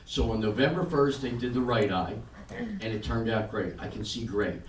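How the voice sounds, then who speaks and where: An older man performing a stand-up set, telling stories in a deadpan way and acting out the other people in them. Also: fairly low pitch, moderate pace. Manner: deadpan storytelling with acted-out quotes. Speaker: stand-up comedian. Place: comedy club stage. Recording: roomy club sound from a distance. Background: audience laughter and room noise.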